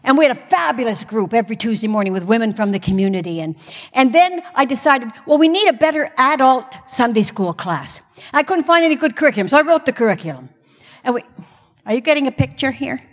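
A woman's voice: a little high, expressive, fast. A middle-aged woman, a pastor's wife, candidly telling a church congregation her own story with self-mocking humor. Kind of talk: personal testimony talk. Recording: long hall reverb.

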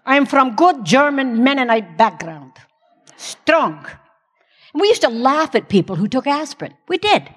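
A woman's voice: high voice, sing-song, normal speed, breathy edge. A middle-aged woman, a pastor's wife, candidly telling a church congregation her own story with self-mocking humor. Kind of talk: personal testimony talk. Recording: long hall reverb.

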